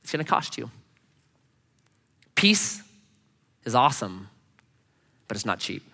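A man preaching a sermon as pastor, animated and casual, acting out quoted speech with slangy asides. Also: medium pitch, takes it slowly, vocal fry. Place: church sanctuary. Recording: long reverb of a church hall.

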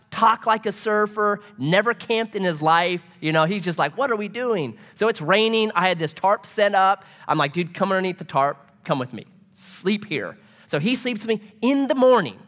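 A middle-aged man preaching a sermon in a relaxed, conversational way, mixing humor and personal stories. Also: sits high. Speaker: pastor. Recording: long hall reverb.

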